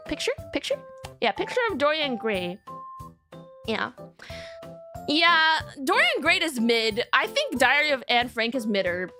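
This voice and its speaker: A woman's voice: high voice, bright, forceful tone. A young woman streamer chatting casually with her viewers, rambling and giggly with lots of fillers.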